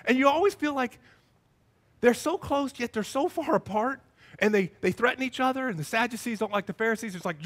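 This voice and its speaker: Male pastor, sermon, high voice, animated storytelling. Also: fairly quick. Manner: animated storytelling, acting out scenes.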